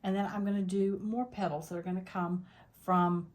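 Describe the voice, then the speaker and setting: A woman's voice: medium pitch, little pitch movement, normal speed, darkish tone. A woman teaching a quilting tutorial, talking step by step through what she is doing in a plain, practical way, thinking aloud as she goes. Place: quilting workspace at a longarm machine.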